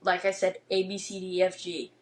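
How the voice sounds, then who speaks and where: A podcast host in her twenties speaks a little fast in a lowish voice, captured in a low-quality recording. Her casual storytelling is a dating tale delivered as a blunt, animated rant, packed with swearing and "like."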